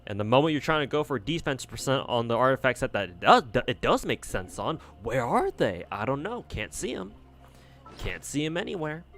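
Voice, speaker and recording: A mid-range, sing-song male voice, fairly quick and a bit bright, delivers casual gameplay commentary. Streaming a game, he mutters to himself, chats and swears freely over faint game music.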